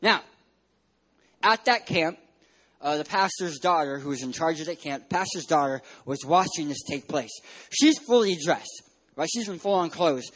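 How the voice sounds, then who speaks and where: A young man from San Diego preaching a sermon, telling playful stories with loud bursts of emphasis. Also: on the high side, expressive, moderate pace. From San Diego, California.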